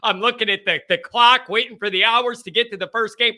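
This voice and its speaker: A man hosting a live fan call-in stream, talking loudly and excitedly with yelling bursts. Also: high voice, fairly quick. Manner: loud, animated, yelling bursts.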